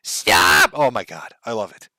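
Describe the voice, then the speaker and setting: A man reacting to a clip with sarcastic, mocking commentary. His pitch swings widely and his tone is bright and sharp. The voice sounds dry and close, with no room echo. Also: big pitch swings, a little fast. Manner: sarcastic, mocking, breaks into laughter.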